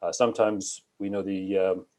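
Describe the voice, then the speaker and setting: A man with a Canadian accent, an insurance broker, introducing himself on a live panel in a relaxed way with many fillers. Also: sits low, moderate pace.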